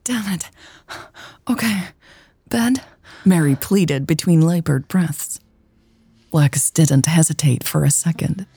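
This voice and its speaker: A woman narrating a romance story in a slow, soft, intimate way, with faint music behind. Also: deep voice, gravelly, slightly rough.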